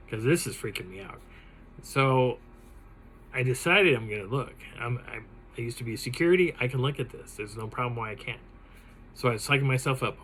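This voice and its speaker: A man recounts a personal encounter for his channel. He tells it dramatically and with animation, and his voice sits at a plain middle pitch. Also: a little hiss or hum, rough recording. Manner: animated, dramatic retelling with laughs. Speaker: channel host. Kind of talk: telling a personal encounter story.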